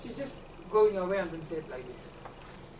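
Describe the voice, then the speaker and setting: A man's voice: high-pitched, very animated, measured pace. A man in a training group hesitantly telling a story, repeating and restarting his words. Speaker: trainee in the audience. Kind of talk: telling an anecdote in a group discussion. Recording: echoey room, mic far off, background noise.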